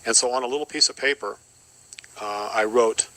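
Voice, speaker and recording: Bright-voiced middle-aged man, earnest. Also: mid-range voice, moderate pace, no echo, low-quality recording. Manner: earnest and reflective, with short repeated phrases. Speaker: podcast guest. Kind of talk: personal testimony.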